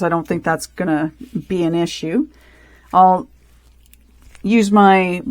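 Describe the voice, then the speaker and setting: Woman crafter, casual running commentary, slightly low pitch, dry close sound, rambling. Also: no echo. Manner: rambling, self-correcting, thinking aloud. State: out of breath. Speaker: resin crafter.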